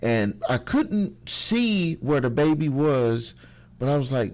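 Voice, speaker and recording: A middle-aged man talks to his viewers in an unscripted motivational monologue. His voice sits at an ordinary pitch, and he keeps restarting sentences and repeating key phrases to drive a point home. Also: big pitch swings, takes it slowly, darkish tone. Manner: rambling, repeats phrases for emphasis, frequent restarts. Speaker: host of a motivational channel. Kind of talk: casual motivational talk to camera.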